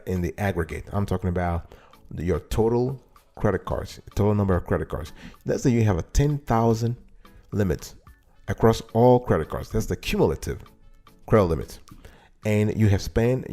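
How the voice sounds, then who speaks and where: A man's voice: sits low, mellow. A man hosting his own show, talking straight to his listeners in a casual, emphatic way, repeating his key points and asking them questions. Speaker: host. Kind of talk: casual talk-show monologue.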